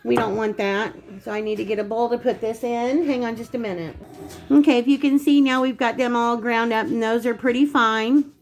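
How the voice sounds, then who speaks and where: A woman hosting a casual cooking vlog in her home kitchen, chatty and quick to laugh at herself. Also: on the high side, fairly even intonation, slight background noise. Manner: chatty, laughing, self-teasing.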